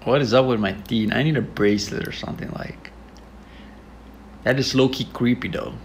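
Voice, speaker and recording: A man chatting casually and playfully on a live stream, giggling and quick to apologize. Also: mid-range voice, slight background noise.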